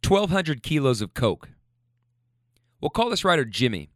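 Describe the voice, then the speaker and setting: A man who hosts a podcast and drives rideshare, telling a profane, animated story in a casual monologue. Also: fairly high pitch, unhurried, no room sound, clean studio sound.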